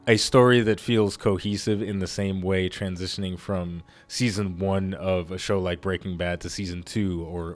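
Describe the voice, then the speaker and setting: A low-voiced man narrating his own playthrough in a loose, rambling way. He gets excited at sudden moments and restarts his sentences often. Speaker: let's play host. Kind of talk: casual gameplay commentary.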